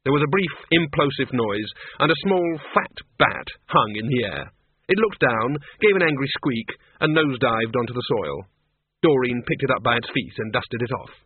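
Husky-voiced male narrator, phone-thin. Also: mid-range voice, lively intonation, moderate pace, no room sound. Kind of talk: audiobook reading. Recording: thin phone-like band, dry.

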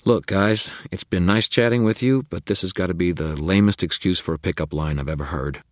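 A man's voice: sits low, a little fast, no room sound, studio quality, voice pushed up, close to an everyday voice. A man reading an audiobook voices a guarded young woman reporter, curt and suspicious, in a lifted tone.

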